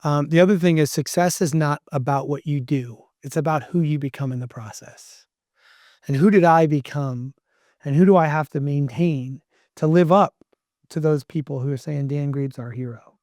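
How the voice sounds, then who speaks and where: Man, middle-aged, slightly high voice, emphatic, motivational, dry studio sound. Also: moderate pace, a little mellow, dry recording. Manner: earnest, emphatic motivational speaker. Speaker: podcast guest. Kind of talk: casual interview talk.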